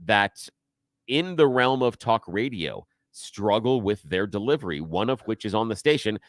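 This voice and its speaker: A man with a fairly low voice, explaining things steadily as a guest on talk radio. The sound is dry and close, as in a studio. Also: expressive, moderate pace, no room sound.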